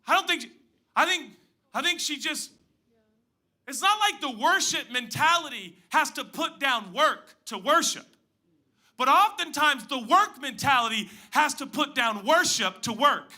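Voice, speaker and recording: Bright, dynamic preaching man. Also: animated, measured pace. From Pacific Northwest. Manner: dynamic preaching, swings from loud emphatic highs to hushed low asides. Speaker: pastor. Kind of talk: sermon.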